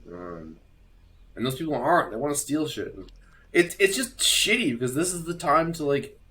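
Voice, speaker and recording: A young man who is a digital artist, speaking as a guest on a casual podcast. He talks excitedly, swears, and fills his speech with like and you know. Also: fairly high pitch, moderate pace. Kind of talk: casual chat.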